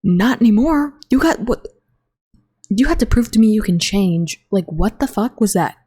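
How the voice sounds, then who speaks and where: A woman's voice: medium pitch, expressive, normal speed, warm tone, husky. A young woman hosting a podcast on her own, rambling in a casual, profane and blunt way. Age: young adult. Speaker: podcast host. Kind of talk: casual solo podcast chat.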